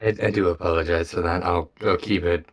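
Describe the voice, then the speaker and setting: Male player, very low voice, hesitant and polite, faint music in the mix. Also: fairly even intonation, brisk. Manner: hesitant, polite, repeats words. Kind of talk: playing a tabletop game.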